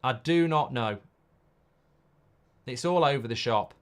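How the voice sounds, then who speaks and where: A man with a smooth, mid-range voice, speaking a little slowly, hosts a live football watchalong. He talks bluntly, reacts to the game, and reads viewer comments.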